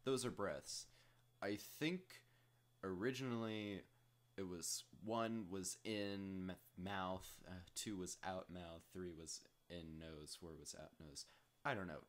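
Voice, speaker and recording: A man casually rambling through a software tutorial, self-deprecating and full of jokey asides. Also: low-pitched, fairly even intonation, takes it slowly. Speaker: tutorial host.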